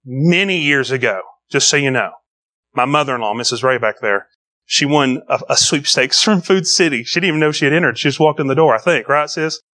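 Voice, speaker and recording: A middle-aged man preaching a sermon as pastor, swinging between loud emphatic lines and quiet low ones. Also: brisk.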